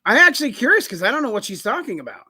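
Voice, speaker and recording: High, bright-voiced man cracking jokes. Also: wildly swooping pitch, racing, breathy edge. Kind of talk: casual chat.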